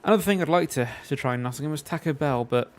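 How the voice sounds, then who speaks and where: A man's voice: a little high, very fast. Rambling English man chatting while gaming. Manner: rambling, anecdotal, many fillers. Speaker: streamer. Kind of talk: casual chat while gaming.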